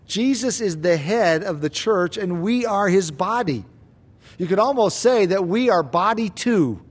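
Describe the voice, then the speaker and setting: Male preacher, pitched high, who hammers key points slowly and quizzes his listeners. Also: lively intonation. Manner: emphatic, slows down and rises on key claims; asks the congregation rhetorical questions. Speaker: pastor. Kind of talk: expository sermon.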